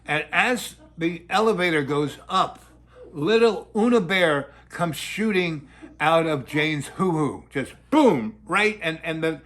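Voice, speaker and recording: This storyteller is an older man whose voice sits fairly high, with a fairly bright tone, and he speaks slowly and expressively. His anecdote is long and meandering, delivered loosely, and he acts out what each character says in their own voice.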